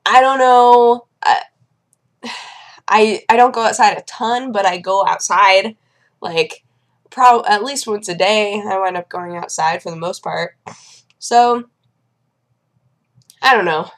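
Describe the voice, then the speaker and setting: A young woman vlogger chats casually with her viewers, telling everyday stories in a loose, conversational style and sometimes acting out the people involved. Her voice is medium-pitched, and she speaks slowly with long pauses.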